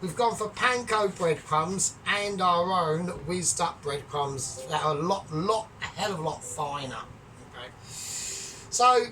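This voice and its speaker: A man with a put-on Scottish accent hosting a casual home cooking vlog, jokey and boastful with loud bursts. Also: on the high side, slight background noise. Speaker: cooking channel host. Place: home kitchen. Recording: distant mic, music behind.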